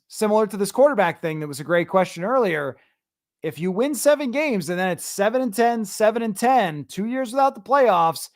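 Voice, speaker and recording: Guy with a fairly high voice hosting a football podcast, chatty and opinionated, dry close mic. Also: no echo. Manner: opinionated, conversational, quick asides. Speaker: podcast host. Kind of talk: casual sports podcast talk, reading viewer comments.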